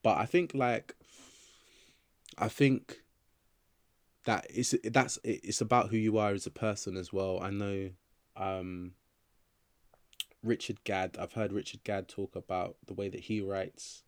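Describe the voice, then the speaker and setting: A man's voice: lowish voice, steady tone, slow, pauses often, no echo. A young adult man from England, a writer and actor talking casually in an interview, loose and rambling with many fillers and restarts.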